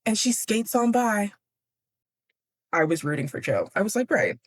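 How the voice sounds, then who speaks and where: A woman's voice: mid-range voice, lively intonation, moderate pace, dry recording. A young woman hosting a casual book recap, chatty and swearing freely, laughing as she goes. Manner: chatty, profane, laughs often. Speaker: podcast host.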